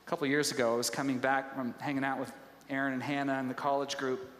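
A man's voice: mid-range voice, level tone, quick pace, fairly bright tone. A man preaching a sermon, telling stories in a conversational way with frequent restarts. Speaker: pastor. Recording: echoey church hall reverb.

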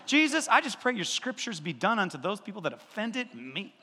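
A preacher doing a sneering accuser spirit. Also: male voice, sits high, sing-song, fairly quick, long reverb tail, background noise, voice pushed up. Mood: mocking. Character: sneering male accuser spirit, Satan, nagging and self-righteous.

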